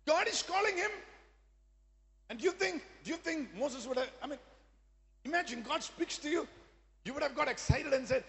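A man's voice: very high-pitched, animated, moderate pace, long pauses, fairly bright tone. A man preaching a sermon as pastor, emphatic, often asking the congregation if they are with him. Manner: emphatic preaching with call-and-response asides. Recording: long hall reverb.

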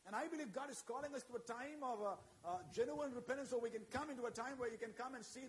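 A man's voice: very high-pitched, brisk, a little hiss or hum. A man preaching a sermon to a congregation, fervent and frequently calling out amen and hallelujah while asking the listeners questions.

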